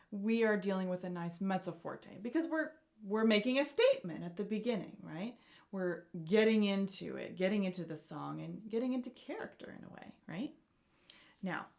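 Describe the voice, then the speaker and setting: A woman piano teacher guiding beginners through a lesson with patient encouragement. Her voice has a slight gravelly fry, and she keeps checking in with her listener as she explains. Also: medium pitch. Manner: encouraging, often checks in with "okay?" and "right?".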